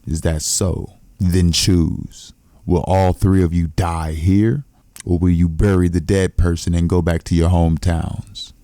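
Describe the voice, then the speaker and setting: A man's voice: low voice, little pitch movement, measured pace, warm tone, no room sound. A man voicing a ruthless young male martial arts demon who poses as an errand boy, with blunt, curt lines. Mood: cold.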